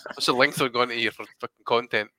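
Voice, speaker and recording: A man's voice: mid-range voice, steady tone, fast, sharp tone. A man co-hosting a casual podcast, swearing and sarcastic. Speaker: podcast co-host.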